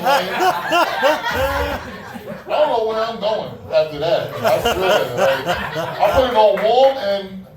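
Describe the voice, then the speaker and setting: A man doing a stand-up comedy set, telling loose, profane stories full of fillers and asides. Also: very high-pitched. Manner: loose, profane, conversational storytelling with lots of fillers. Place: comedy club stage. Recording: echoey club from a distance.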